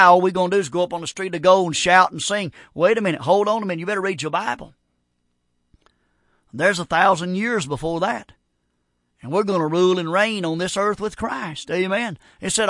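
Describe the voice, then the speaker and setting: A man with a Southern accent from North Carolina preaching a fervent radio sermon, repeating himself and stumbling into quick restarts. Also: sits high, fairly bright tone, no room sound, clean studio sound. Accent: Southern American.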